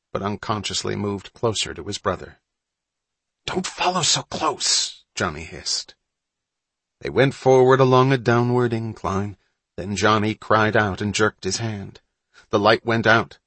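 A deep-voiced man narrates an audiobook in scripted form, telling the story in a steady, measured way. There's no room sound.

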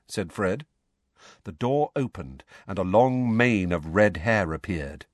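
A man narrating a storybook with expressive storytelling. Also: sits low, slow pace, no echo, clean studio sound. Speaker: audiobook narrator. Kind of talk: scripted narration.

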